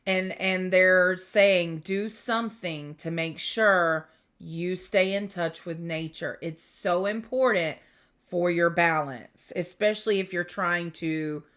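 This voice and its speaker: A middle-aged woman giving a rambling spiritual tarot reading, gentle and full of fillers and restarts. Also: fairly low pitch, slow. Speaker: tarot reader.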